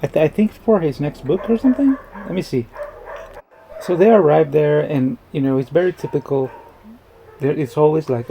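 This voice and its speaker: Gravelly, dark-voiced man riffing on a movie. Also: on the high side, moderate pace, slight background noise. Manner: rambling, joking, restarts often. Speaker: movie reaction vlogger. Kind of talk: casual movie commentary. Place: indoors at home.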